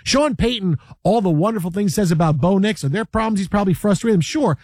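Emphatic high-voiced male sports host. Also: fast talker, no echo, studio quality. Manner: emphatic, repeats himself, mimics coaches yelling. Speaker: sports talk show host. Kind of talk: animated sports radio debate.

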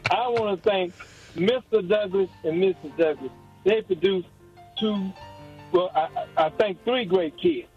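A man's voice: high voice, measured pace, a little mellow, muffled recording, faint music behind. An older man from Georgia calling in to a radio show, earnest and rambling with many restarts. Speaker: caller. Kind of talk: call-in radio talk.

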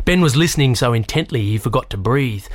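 A man reading a children's novel aloud in a measured, even storytelling manner. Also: medium pitch, no echo. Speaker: narrator. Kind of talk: audiobook narration.

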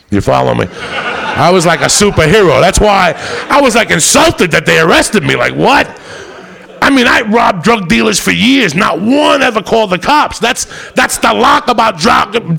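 Gravelly, profane stand-up comic. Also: male voice, high-pitched. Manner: loud, profane, shouts punchlines. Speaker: stand-up comedian. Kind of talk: stand-up storytelling.

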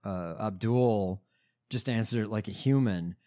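A woman's voice: very deep voice, a little slow, dark tone. A woman co-hosting a casual political chat who laughs and swears easily. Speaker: podcast co-host.

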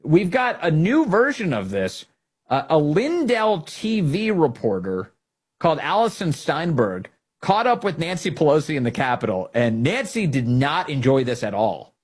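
A male opinion host with a husky, slightly rough voice at an ordinary pitch. His delivery is sarcastic and mocking, and he chuckles at the people he talks about. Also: sing-song, normal speed. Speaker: political commentary host. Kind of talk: opinion commentary.

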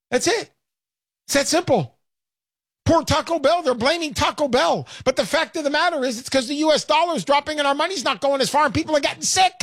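A male radio show host giving an emphatic, repetitive, hard-selling pitch between calls. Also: a bit bright, no room sound, studio quality. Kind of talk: talk radio sales pitch.

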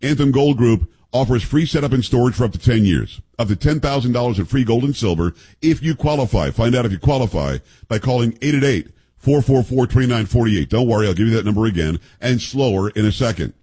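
Combative male talk radio host, husky. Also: medium pitch, lively intonation, quick pace, dark tone. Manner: combative, mocking, emphatic.

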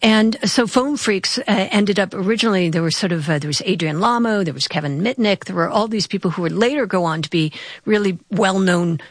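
A woman's voice: medium pitch, a little fast, no room sound, studio quality. A woman guest on a radio discussion, explaining things in a chatty way with frequent restarts. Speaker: guest commentator.

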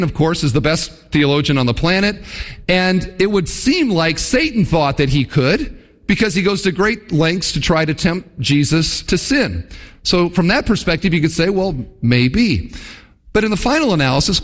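An earnest male preacher works through his text, posing rhetorical questions to the room. His voice sits high for a man. Long reverb from the church hall trails after his words. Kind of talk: expository sermon.

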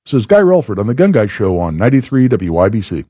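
Guy lawyer hosting talk radio, husky voice, really animated, dry close mic. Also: lowish voice, quick pace, no echo. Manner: conversational, emphatic, explaining legal points. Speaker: radio talk show host and trial lawyer. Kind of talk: radio talk show commentary.

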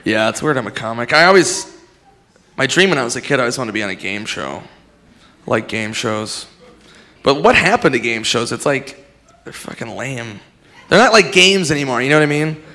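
A male stand-up comedian ranting about game shows, breaking into loud outbursts. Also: mid-range voice, brisk. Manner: loud, excitable rants with shouted outbursts. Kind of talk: stand-up routine.

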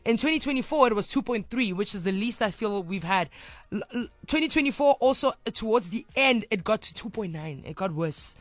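A young woman with a South African accent, hosting a casual radio chat as an animated storyteller. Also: mid-range voice, brisk, dry recording. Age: young adult. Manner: animated storyteller, acts out quoted voices. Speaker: radio host.

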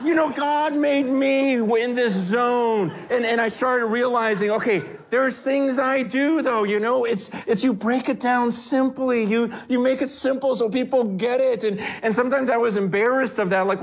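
A man preaching a sermon in a conversational, animated way, acting out the voices he quotes. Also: extremely high pitch, normal speed, few pauses.

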